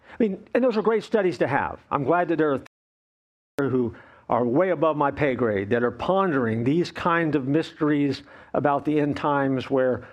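A male pastor preaching a playful, animated sermon, acting out the voices of complaining people. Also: a little high, moderate pace, muffled recording.

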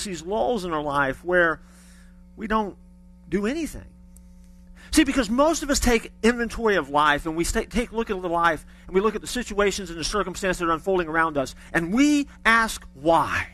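A male pastor preaching in a church, his voice pitched high and bright. he talks to the room like a conversation, cracks jokes, and often restarts his sentences. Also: very animated, fairly quick. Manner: conversational preaching, with humorous asides and repeated restarts. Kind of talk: sermon.

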